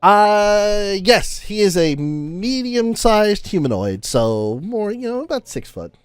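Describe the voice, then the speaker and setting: A man narrating as game master in a casual, halting way. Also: sits high, big pitch swings, clean tone, dry recording.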